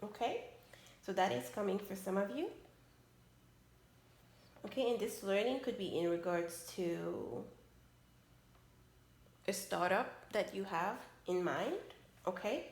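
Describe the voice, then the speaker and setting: Gravelly woman reading tarot, roomy echo. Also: medium pitch, animated, slow, pauses often. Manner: tags many phrases with a questioning "okay?"; hesitant, with frequent "um" and restarts. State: losing her voice. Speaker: tarot reader. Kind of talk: casual spoken tarot reading. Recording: roomy echoey room.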